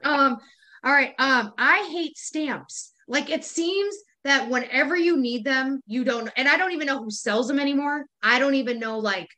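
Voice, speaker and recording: A woman's voice: sits high, normal speed, sharp tone. A woman co-hosting a podcast in casual chat, ranting with lots of swearing and frequent laughter. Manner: profane, ranting, laughs often. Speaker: podcast co-host.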